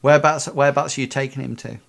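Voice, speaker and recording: A man's voice: mid-range voice, steady tone, quick pace, vocal fry, a bit bright. A young man narrating a tabletop game as game master, hesitant and full of fillers and restarts.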